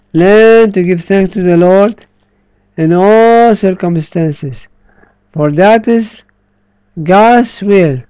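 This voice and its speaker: Male preacher, sermon, high voice, unhurried emphatic delivery, mellow tone, dry close sound. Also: no room sound, low-quality recording. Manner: slow, emphatic preaching with drawn-out words.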